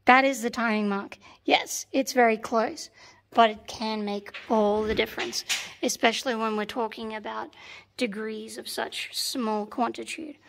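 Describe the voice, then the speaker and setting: An Australian woman with a slightly hoarse, fairly high voice walks through a workshop tutorial. She explains patiently, step by step, and repeats the points that matter. She records on a phone held in one hand. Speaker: tank restoration mechanic. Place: workshop beside a tank engine.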